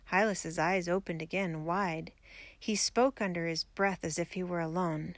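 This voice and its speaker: A woman narrating a storybook in a steady, measured reading voice. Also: fairly low pitch, no echo. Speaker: audiobook reader.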